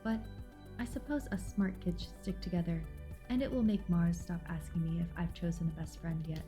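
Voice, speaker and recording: A woman voicing an aloof, studious young girl in a game, in a flat, dry way, with faint music behind. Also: fairly low pitch, a little fast, pitched below the performer's own voice, close to an everyday voice.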